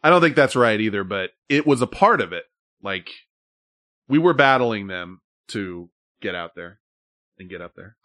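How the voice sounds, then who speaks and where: A man's voice: fairly low pitch, animated, normal speed, sharp tone, dry recording, studio quality. A man hosting a podcast in casual chat, rambling, laughing often and swearing freely. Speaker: podcast host.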